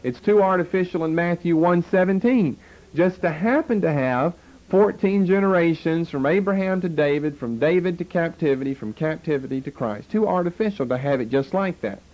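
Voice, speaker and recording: A man's voice: on the high side, moderate pace, darkish tone, poor audio. A man teaching a Bible lesson, explaining step by step and posing rhetorical questions. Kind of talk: lecture on scripture.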